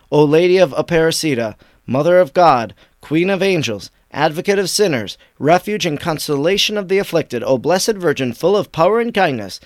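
A man hosting a devotional podcast, reading tweets aloud and reflecting on them in warm commentary. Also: on the high side, clean tone, dry recording, clean studio sound. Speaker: podcast host.

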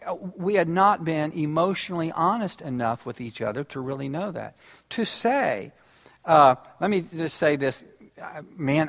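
A man addresses a large gathering in a conversational, animated way. His voice sits a little high and swings widely in pitch. He often restarts his phrases, and a long reverb trails behind him in the big hall. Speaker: speaker on relationships. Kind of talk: live talk to a large audience.

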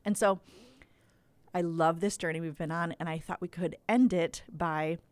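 A woman hosting a casual podcast chat, lively and leading the talk. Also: fairly low pitch, normal speed, no room sound. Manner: lively, laughs often, leads the talk. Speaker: podcast host.

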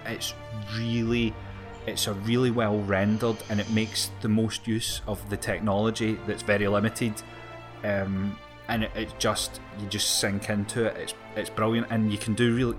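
A man chatting enthusiastically on a gaming podcast, laughing at himself now and then. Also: fairly low pitch. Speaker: podcast co-host. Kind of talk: casual chat.

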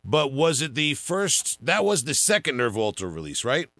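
A man with a Long Island accent hosting a casual podcast interview, laid-back and halting with lots of fillers. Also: mid-range voice, sing-song, a bit bright, no echo. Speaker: podcast host.

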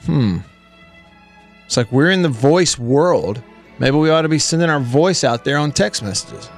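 A man's voice: fairly high pitch, lively intonation, measured pace, soft background music. A man hosting a country radio show, chatting casually and rambling with a co-host, often laughing. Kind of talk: casual on-air banter. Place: radio studio.

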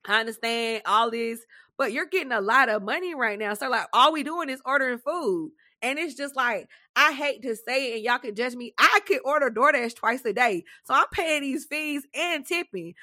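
A young adult woman co-hosts a podcast and tells a story as a casual rant, animated, loud and dramatic. She laughs often, and her voice sits high.

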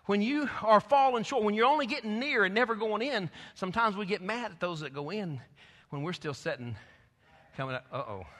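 A male pastor preaching a fervent sermon, swinging between loud exhortation and quiet asides. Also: sits high. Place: church. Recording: long reverb of a church hall.

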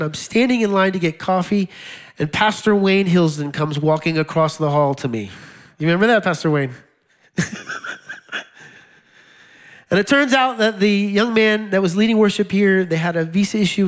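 A male pastor preaching a sermon in a conversational way, with wry laughs and repeated key lines. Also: sits high.

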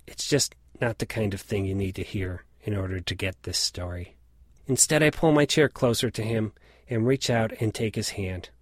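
A man in his late forties reading a reflective personal story in a measured, scripted narration. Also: lowish voice, no echo, studio quality. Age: late 40s.

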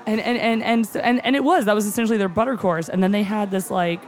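An excitable cook raves in a loose, chatty way, stacking fillers and the odd curse word. The voice sits at an ordinary middle pitch and wells up with feeling, close to tears. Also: quick pace. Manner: excitable, gushing, with many fillers and swearing. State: moved nearly to tears. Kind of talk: casual chat.

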